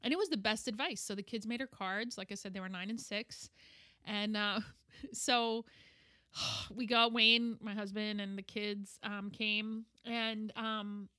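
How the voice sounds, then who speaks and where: A middle-aged woman telling a candid personal story as an interview guest, animated and acting out what others said. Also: mid-range voice, measured pace. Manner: animated, acts out quoted voices.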